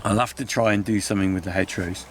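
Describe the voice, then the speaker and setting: A man's voice: lowish voice, steady tone, fast talker, slight background noise. A middle-aged man, a farmer vlogging outdoors by his hedgerows, talking in a chatty, heartfelt, rambling way with sighs. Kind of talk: casual walk-and-talk vlog.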